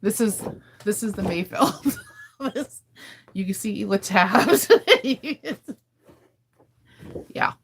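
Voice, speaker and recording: A woman's voice: medium pitch, very slow, pauses often, a little hiss or hum. A woman from California hosting a casual livestream, chatting candidly with viewers and laughing often. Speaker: livestream host. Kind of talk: casual chat with live viewers.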